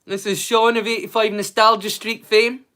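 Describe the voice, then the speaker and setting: A man hosts a casual livestream watch-along, loudly and brightly greeting viewers, then chatting, joking, and swearing freely with them. His high voice is smooth and level in tone, at a moderate pace.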